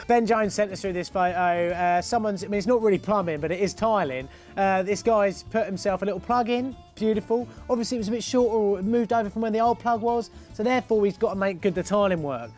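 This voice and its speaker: A man's voice: high-pitched, fast, hardly any pauses, a little mellow, soft background music. A man hosting a plumbing show, chatting casually and jokily about viewers' photos. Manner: jokey, chatty, laughs often. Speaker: host of a plumbing channel.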